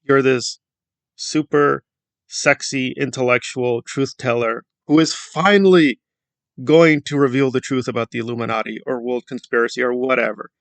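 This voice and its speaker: Gravelly, sarcastic male commentator. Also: mid-range voice, moderate pace, no room sound. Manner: sarcastic, lecturing, emphatic. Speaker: YouTube commentator. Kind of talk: opinion commentary vlog.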